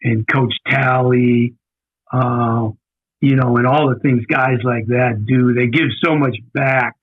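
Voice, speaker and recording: Over the phone, with the thin sound of the line, a guest coach in his sixties slowly recounts his career in a loose, chatty way, repeating himself as memories come back. His voice is mid-range with fairly even intonation.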